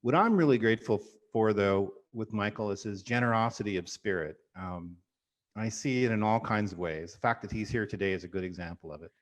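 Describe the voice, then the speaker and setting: Enthusiastic lower-voiced male host. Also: fairly quick. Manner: enthusiastic, effusive praise with fillers. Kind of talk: warm conversational introduction.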